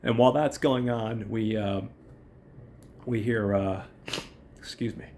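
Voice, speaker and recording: A hoarse man with a cold, hosting a podcast and loosely recapping a film plot with profanity and fillers. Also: fairly low pitch, fairly even intonation, slow, a little mellow, slight background noise. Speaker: podcast host.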